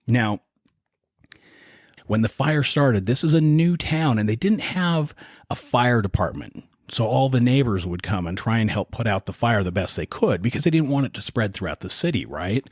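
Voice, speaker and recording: Husky-voiced man telling history casually. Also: mid-range voice, moderate pace, no echo, clean studio sound. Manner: conversational, relaxed retelling of history. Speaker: podcast co-host. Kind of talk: casual storytelling chat.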